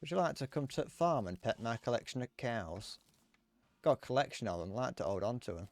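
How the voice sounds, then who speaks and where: A man's voice: medium pitch, a little fast, no room sound, close to an everyday voice. A man putting on the voice of a folksy northern English farmer with a northern accent, dropping little words as he rambles.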